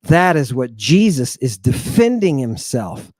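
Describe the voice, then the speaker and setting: A man teaching an online lesson in an excitable, emphatic way, repeating phrases and swinging between loud outbursts and hushed asides. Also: medium pitch, unhurried, dry recording, studio quality. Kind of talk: animated online lecture.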